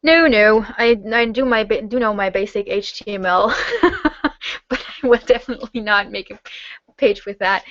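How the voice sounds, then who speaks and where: A woman's voice: medium pitch, moderate pace, a bit bright, dry recording. German woman chatting on a webcam hangout, lots of ums and uhs, audio a bit dull. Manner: rambling, many fillers, reads questions aloud then answers. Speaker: German-teaching YouTuber answering viewer questions. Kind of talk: casual live hangout Q&A.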